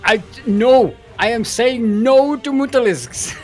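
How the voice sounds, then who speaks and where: A man voicing an exasperated player who is fed up with flying enemies, speaking in a raised, shouty tone. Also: very high voice, slow, faint music behind, voice pushed up.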